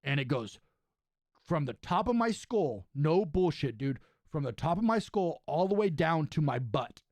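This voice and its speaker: Young male host and wrestler, slightly high voice, dry close recording, animated storyteller. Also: measured pace, no echo. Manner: animated storyteller, says "right?" and "dude" often. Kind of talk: casual chat, storytelling.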